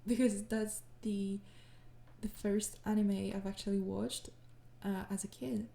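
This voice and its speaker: A tired young woman answering viewer questions in a casual chat, soft-spoken and hesitant, with many pauses and shy laughs. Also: medium pitch, level tone, creaky, reverberant.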